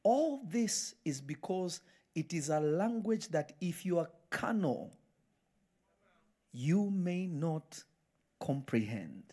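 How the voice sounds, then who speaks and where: A man's voice: a little high, very animated, slow, long pauses, dark tone. A man preaching a live sermon in church, emphatic and firing repeated questions at the congregation. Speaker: pastor.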